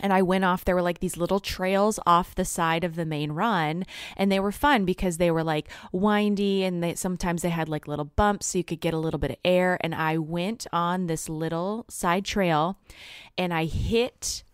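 A woman's voice: on the low side, fairly even intonation, normal speed, clear, resonant tone, dry recording, clean studio sound. A woman co-hosting a podcast, telling a rambling story in casual chat and laughing often. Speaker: podcast co-host.

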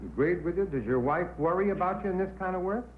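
This quiz show host jokes around with contestants in a high-pitched, expressive voice, talking fast and keeping up a chatty, wisecracking patter. The recording sounds like old broadcast audio, tinny with a slight hiss.

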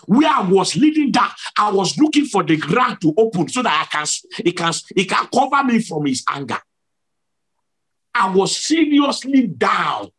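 A man's voice: high voice, big pitch swings, normal speed, fairly bright tone, husky. A male preacher giving a sermon testimony, telling his story emphatically and repeating key words for drama.

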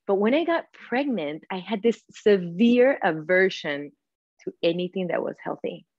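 A woman guest on a video call, telling her story in a casual interview, animated, laughing often and acting out what people said. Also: medium pitch, normal speed, dry recording, highs cut off. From Panama. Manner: animated, laughing, acts out quotes, many "like" fillers. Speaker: podcast guest, yoga teacher.

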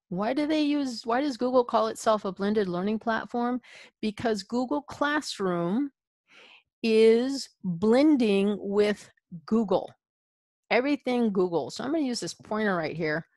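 A woman's voice: a little high, animated, a little slow, a little mellow, no room sound. A woman leading an adult education training session, chatty and informal, checking in with "okay?" as she goes. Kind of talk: instructional webinar presentation.

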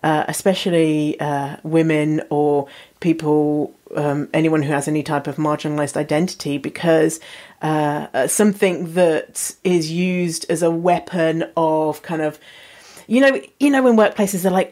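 Woman, podcast host, lowish voice, slightly husky from a cold, chatty, frank, laughs a lot. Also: fairly even intonation, a little slow, darkish tone. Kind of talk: casual podcast chat.

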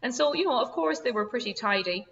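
A woman's voice: fairly high pitch, animated, fast, fairly bright tone, recorded from a distance, highs cut off. A woman with an Irish accent giving a virtual presentation in a conversational way, with frequent fillers. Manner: conversational, full of "you know" fillers. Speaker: museum director presenting a talk. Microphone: video call.

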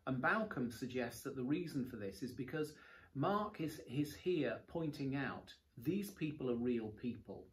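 A man, a bishop, offering measured, reflective comments on a gospel story in conversation. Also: medium pitch, animated. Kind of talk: conversational bible discussion.

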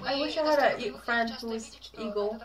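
A woman's voice: fairly high pitch, a little fast, distant mic, low-quality recording. A young woman at home, reacting emotionally to a video, exclaiming and blurting out her thoughts. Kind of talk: reaction vlog. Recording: loud concert music and crowd playing behind. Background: concert video with music and cheering crowd.

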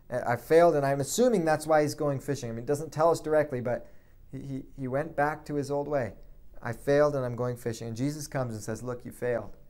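A man's voice: mid-range voice, darkish tone. A male pastor preaching a sermon in a conversational way, full of restarts and asides, who drops his voice to quote the figures in the story.

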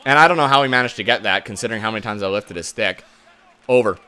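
A young man doing live gameplay commentary, easily frustrated, swearing and breaking into loud outbursts. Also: lowish voice, quick pace, clear, resonant tone. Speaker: gaming channel host.

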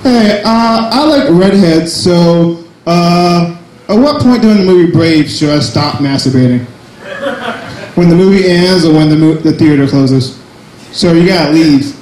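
A man's voice: sits high, expressive, unhurried, a little mellow, reverberant, low-quality recording. A young man doing a crude, self-mocking stand-up set at an open mic, full of jumpy asides. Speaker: stand-up comedian. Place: small cafe comedy night.

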